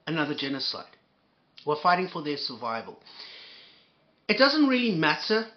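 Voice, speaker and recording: A man's voice: high voice, lo-fi sound. A man reacting to a clip with angry, profane ranting, sarcastic and insulting, often repeating and restarting his words.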